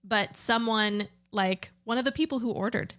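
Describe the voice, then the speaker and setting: A young woman co-hosting a podcast, chatting casually in an animated, giggly way and swearing freely. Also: a little high, moderate pace. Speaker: podcast co-host. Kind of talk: casual chat.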